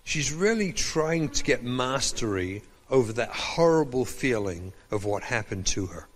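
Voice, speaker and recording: Giving a story-filled lecture, a rabbi animatedly voices the dialogue in each tale. His medium-pitched voice moves at an unhurried pace, followed by a long reverb tail.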